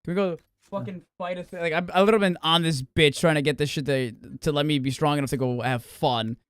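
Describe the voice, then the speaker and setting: A man's voice: fairly high pitch, steady tone, fast, fairly bright tone, clear, resonant tone, dry recording, studio quality. A man streaming a game, chatting casually in a loose, profane, rambling way. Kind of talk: casual gaming stream chat.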